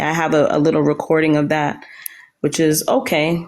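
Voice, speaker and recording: Low-voiced woman hosting a roomy live stream. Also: little pitch movement, brisk, a little mellow. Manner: blunt, swears freely. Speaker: livestream host. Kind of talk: casual livestream chat.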